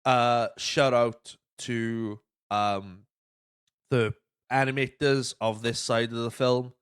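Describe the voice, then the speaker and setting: A man's voice: medium pitch, steady tone, slow, fairly bright tone, clean tone, no room sound, clean studio sound. A man hosting a podcast, telling stories casually with lots of swearing and acted-out quotes. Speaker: podcast host. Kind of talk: casual chat.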